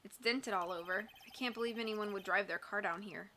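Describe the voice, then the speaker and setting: A woman's voice: medium pitch, brisk, pushed and bright, slight background noise, pitched below the performer's own voice, close to an everyday voice. A woman voicing a young male lawyer in a video game, who talks mildly and stammers when unsure. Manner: mild, hesitant, stammering. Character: young male defense lawyer, awkward and earnest. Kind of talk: video game voice-over reading.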